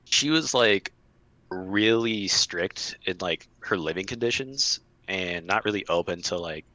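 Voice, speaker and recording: A man's voice: low voice, lively intonation, measured pace, pushed and bright, dry recording. A man in his twenties from Florida, talking casually as a guest, hesitant and full of fillers. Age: 20s. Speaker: call-in guest. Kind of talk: casual chat.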